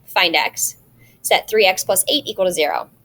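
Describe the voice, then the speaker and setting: A woman's voice: lowish voice, moderate pace, a bit bright. A woman math teacher recording a video lesson, explaining each step patiently and checking in with rhetorical questions.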